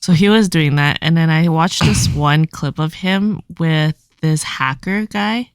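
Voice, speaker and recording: A young woman co-hosting a podcast, telling stories in quick, animated casual chat full of "like". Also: deep voice, clear, resonant tone, no room sound, studio quality. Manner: fast, animated storytelling with lots of "like". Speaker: podcast co-host.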